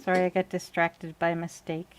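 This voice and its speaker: A woman's voice: on the low side, completely flat delivery, normal speed, slight background noise. A woman from Canada hosting a casual group chat over a video call. She laughs often and stumbles through restarts as she talks. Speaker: host.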